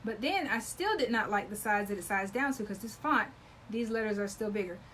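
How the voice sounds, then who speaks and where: A woman's voice: mid-range voice, expressive, fairly quick, a bit bright, slight background noise, poor audio. A talkative woman chatting with viewers while demonstrating embroidery on a live stream. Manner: talkative, loves to chat with viewers; greets viewers by name while working. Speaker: embroidery livestream host.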